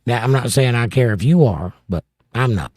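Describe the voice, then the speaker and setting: A man's voice: medium pitch, animated, moderate pace, a little mellow, no echo, studio quality. A middle-aged man with a Southern accent, hosting a livestream and joking as he reads viewer comments aloud. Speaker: livestream host. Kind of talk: casual chat.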